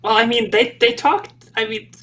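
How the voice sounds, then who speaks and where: A woman's voice: a little high, normal speed, a crowd in the background. A woman introducing her character at a tabletop game, playful and joking. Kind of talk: casual chat. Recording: background noise.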